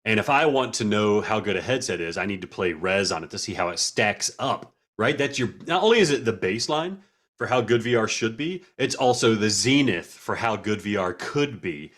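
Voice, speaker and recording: A man with a somewhat low voice co-hosts a gaming podcast. He talks in an animated, playfully dramatic way and jokes a lot. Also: normal speed. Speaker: podcast co-host. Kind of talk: casual gaming podcast chat.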